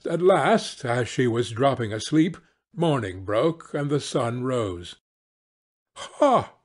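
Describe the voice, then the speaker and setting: A male storyteller narrating a fairy tale for English learners in a slow, dramatic way. His voice is a bit breathy and husky, and his pitch moves a lot from line to line. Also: animated.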